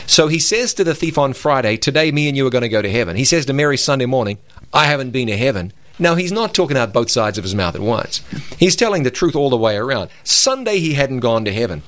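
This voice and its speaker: Male radio Bible co-host, emphatic preacher, mid pitch, dry studio. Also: sing-song, quick pace, fairly bright tone, no room sound.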